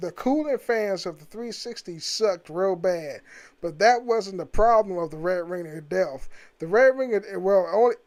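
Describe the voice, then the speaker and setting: A man's voice: high-pitched, darkish tone. Brief: man, home gaming vlog, loose and profane, rambling, laughs a lot. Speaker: gaming vlogger. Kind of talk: casual rambling monologue.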